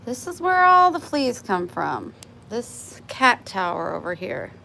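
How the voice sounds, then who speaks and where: A woman's voice: a little high, sing-song, a little slow, gravelly, pushed and bright, slight background noise, low-quality recording. A woman vlogging live in casual chat, chatty and plainspoken, talking into a phone outdoors near her home. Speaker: vlogger livestreaming.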